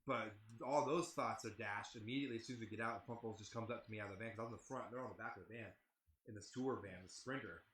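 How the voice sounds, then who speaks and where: A man's voice: on the low side, rapid-fire, fairly bright tone, roomy sound, a little hiss or hum. A man telling a rambling, profane story in casual chat, with a lot of "like". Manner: rambling, heavy swearing, lots of "like". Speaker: band member telling a tour story.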